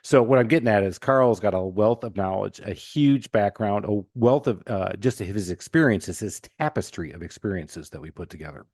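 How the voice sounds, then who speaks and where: A man hosting a podcast, telling stories in a lively, joking way. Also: on the low side, normal speed, few pauses, no room sound, clean studio sound. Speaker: podcast host. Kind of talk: casual podcast conversation.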